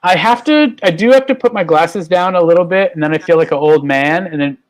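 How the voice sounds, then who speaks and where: A man's voice: on the high side, fairly quick. Rambling man hosting a video-call chat. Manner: rambling, many fillers and restarts. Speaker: talk show host.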